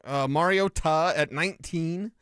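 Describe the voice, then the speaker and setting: A man from Colorado co-hosting a sports talk radio show, chatty and quick to break down fantasy football numbers. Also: fairly high pitch, fairly bright tone, smooth, no room sound, studio quality.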